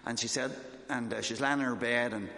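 A man with a Northern Irish accent gives a church talk at an eager, quick clip, rushing on like a storyteller carried away by his tale. His voice sits at an ordinary middle pitch and rings around a roomy church hall with a long trailing reverb. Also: gravelly. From Northern Ireland. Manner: fast, excitable storyteller. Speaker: missionary speaker.

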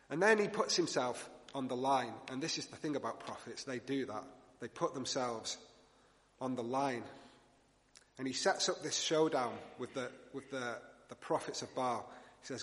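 A man preaching a sermon to a congregation, his voice ringing out with a long reverb tail from the hall. He tells the story in a relaxed, conversational way and makes asides to the listeners, then acts out the lines he quotes. His pitch sits in the middle range for a man. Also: moderate pace, pauses often.

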